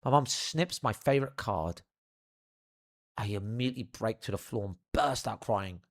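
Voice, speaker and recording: A young man telling a funny childhood anecdote in an animated, profane, theatrical way. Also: lowish voice, moderate pace. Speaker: storyteller. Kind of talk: comedic anecdote.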